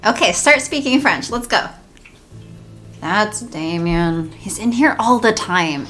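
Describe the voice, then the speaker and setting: A woman voicing a bored, scornful young shop cashier who talks in a flat, dismissive way. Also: medium pitch, takes it slowly, soft background music. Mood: deadpan. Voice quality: deadpan, dismissive.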